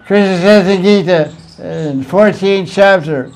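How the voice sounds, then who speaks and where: A man's voice: high voice, unhurried, few pauses, a little mellow, poor audio. A man, a spiritual teacher, giving a devotional talk with verse recitation, playful and chuckling as he answers questions.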